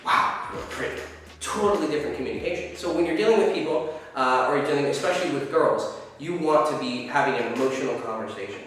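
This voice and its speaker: Speaking fast with hardly any pauses, a medium-pitched male dating coach gives instructional advice to camera, cursing freely and acting out examples. The recording comes from an echoey hall with the mic far away, plus a little hiss or hum.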